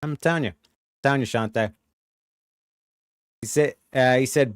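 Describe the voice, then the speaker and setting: A man hosting a show, giving a blunt, profane and animated commentary rant. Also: mid-range voice, normal speed, long pauses, clean tone, dry recording, clean studio sound. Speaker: show host.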